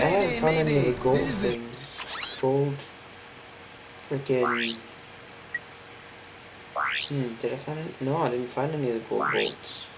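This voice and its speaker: A man's voice: medium pitch, background noise. A man casually commenting on his gameplay, just woken up and yawning, rambling and joking to himself. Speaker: gaming channel host. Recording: loud game music behind.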